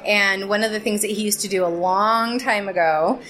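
A woman's voice: medium pitch, moderate pace, low-quality recording. A woman in her forties fondly recalling a longtime friend in a casual interview. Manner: steady, fond recollection. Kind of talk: casual reminiscing. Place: Tacoma, Washington.

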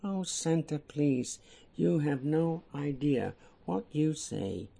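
A man's voice: a little high, lively intonation, slow pace, gravelly, dark tone, husky, voice pushed up, full character voice. A man reading a poem, voicing an eager little girl pleading with Santa for a doll.

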